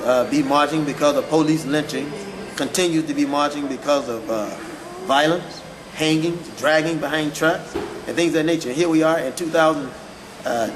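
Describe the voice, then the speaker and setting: A male minister answering interview questions in a firm but halting way, with many fillers. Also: medium pitch, noisy background.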